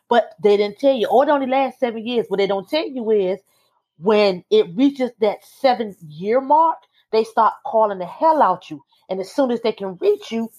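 A woman's voice: fairly high pitch, darkish tone. A woman, a parent, co-hosting a casual chat. She asks the questions in an easygoing, teasing way. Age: adult with kids. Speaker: podcast co-host.

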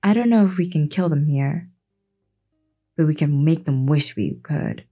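A woman reading the lines of a stern, snapping young woman in a storybook, in a low, mellow voice. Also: lively intonation, unhurried, slightly rough, soft background music, heavily acted. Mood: curt. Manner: curt, snapping.

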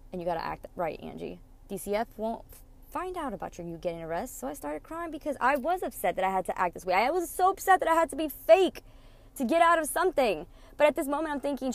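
A young woman hosts a podcast, telling a candid personal story with plenty of free swearing and acting out the quoted dialogue. Her voice is medium-pitched, and there's no room sound.

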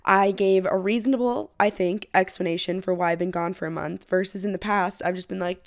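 A woman's voice: mid-range voice, fairly even intonation, normal speed, few pauses, no room sound. Young woman podcast host, sick with a cold, rambling and self-deprecating, close dry mic, mid-range voice. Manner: chatty, rambling, self-deprecating, laughs often. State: sick with a head cold, runny nose. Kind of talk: casual solo podcast chat.

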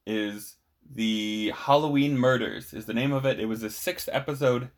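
A man's voice: medium pitch, steady tone, moderate pace. A man co-hosting a podcast in casual conversation, rambling and hesitant as he talks. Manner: rambling, hesitant, with many restarts and fillers. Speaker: podcast co-host. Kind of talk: casual chat.

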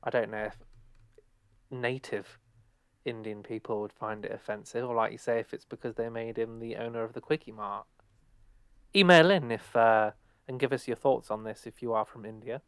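A man's voice: medium pitch, steady tone, normal speed, clean tone, dry recording. Young man, twenties, from England, podcast co-host, rambling casual chat, dry close sound. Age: 20s. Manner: rambling, lots of fillers.

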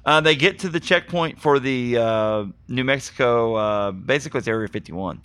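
A man hosting a casual movie podcast, talking in an animated, rambling way and getting excited as he goes. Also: mid-range voice, moderate pace, clear, resonant tone, no echo. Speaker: podcast host. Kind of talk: casual movie review chat.

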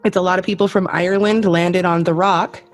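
A woman's voice: on the low side, steady tone, a little fast, faint music behind. Chatty woman hosting a podcast. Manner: chatty, swearing freely, playful quizzing. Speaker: podcast host. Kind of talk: casual chat.

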